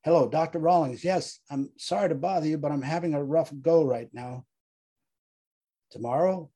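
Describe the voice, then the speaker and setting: A man's voice: fairly high pitch, normal speed, warm tone, close to an everyday voice. A man voicing a haunted male veteran platoon leader who pleads, grieves and snaps in anger. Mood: pleading. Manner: pleading, exasperated, grief-stricken.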